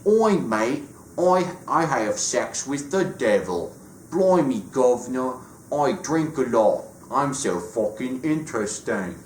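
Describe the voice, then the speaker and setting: A man's voice: mid-range voice, expressive, slow pace, darkish tone, echoey room, slight background noise. A man voicing a smug, hard-drinking British antihero in an exaggerated mock cockney parody.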